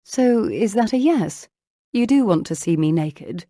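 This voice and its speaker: An eager, candid young bluestocking speaks a touch higher and brighter than the narration, breathy and direct, as a woman narrator puts her on. A husky grain stays under the voice, in a dry recording. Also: lively intonation, a little slow, dry recording. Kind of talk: audiobook character voicing.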